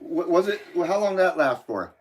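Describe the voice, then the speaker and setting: A man with a fairly high voice hosts a relaxed live stream from his home. He chats easily and reads out viewer messages, often talking with his mouth full. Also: a little fast. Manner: chatty, talks while eating. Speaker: live stream host reading chat. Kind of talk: casual live-stream chat. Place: home, indoors.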